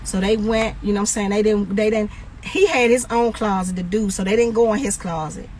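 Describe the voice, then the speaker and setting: A middle-aged woman telling a story on a livestream in a blunt, profane, animated way, acting out what everyone said. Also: medium pitch, brisk, a little hiss or hum, poor audio. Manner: blunt, profane, animated retelling with quoted dialogue.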